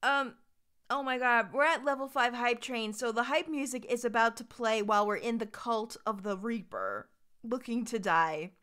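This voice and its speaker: A woman's voice: a little high, animated, normal speed, a bit bright, clear, resonant tone. A woman streaming live as a VTuber, reading out long lists of supporter names and breaking into dramatic outbursts. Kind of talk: live game stream chat.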